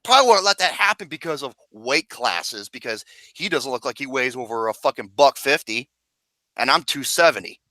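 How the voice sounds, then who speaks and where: A podcast host rants loudly and swears freely in casual chat. His pitch swings widely, and his voice has a bright, forceful edge. The sound is dry and close. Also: lively intonation, moderate pace, dry recording. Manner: loud, profane ranting.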